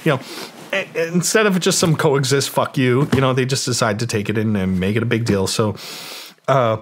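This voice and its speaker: A man from Canada, somewhere in his forties, telling a story loosely in a podcast interview. His voice sits at a middling pitch. He swears often, keeps saying "like" and "you know", and mimics the people in his anecdote. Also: moderate pace, slight background noise. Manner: profane, rambling anecdotes full of fillers, acting out quoted voices. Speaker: guest, music producer and DJ.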